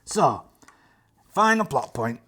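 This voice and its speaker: Raspy-voiced man running a solo game. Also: medium pitch, slow pace. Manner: chatty, animated, jokey asides. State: tired, strained voice. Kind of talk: narrating a solo tabletop game.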